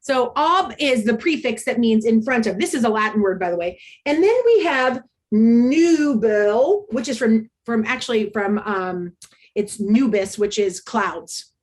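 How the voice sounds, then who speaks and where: Over a video call, an American woman with a fairly high voice leads an interactive online workshop for teachers. She keeps a moderate pace and sounds upbeat and chatty, dropping in lots of ums.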